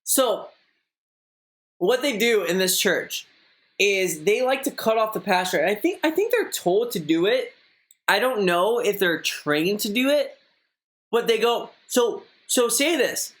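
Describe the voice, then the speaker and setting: A man's voice: high-pitched, big pitch swings, measured pace, a bit bright. A young man streaming, reading viewer messages aloud and chatting casually in a rambling way, full of filler words. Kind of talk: casual live-stream chat.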